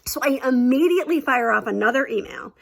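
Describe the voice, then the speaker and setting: Woman rambling through a story from work, kinda high voice, lots of vocal fry, says like a lot. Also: expressive, a little fast. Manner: chatty, lots of fillers, exaggerating. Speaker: teacher telling a story. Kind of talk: casual storytelling.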